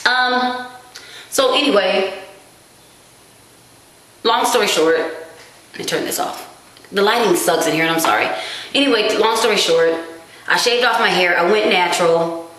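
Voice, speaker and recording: A woman vlogging at home, chatting to camera in an animated, self-mocking way. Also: medium pitch, moderate pace, long pauses. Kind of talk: casual chat to camera. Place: small dim room at home. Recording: very echoey room.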